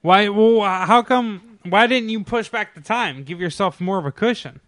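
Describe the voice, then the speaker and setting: A man co-hosting a talk show, bantering in a crude, teasing way with quick reactions. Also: sits high, a bit bright, no room sound, studio quality. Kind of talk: casual banter.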